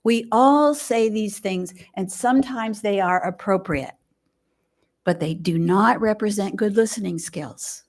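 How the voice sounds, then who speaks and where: Older woman, lay speaker giving a sermon; gentle, reflective, unhurried phrasing with pauses. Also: mid-range voice. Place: fellowship hall, indoors.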